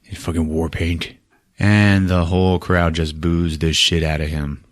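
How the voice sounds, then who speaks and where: A man hosting a podcast who recaps a movie in a casual, profane, animated way, laughing often. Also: low voice, measured pace, no echo, studio quality. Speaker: podcast host.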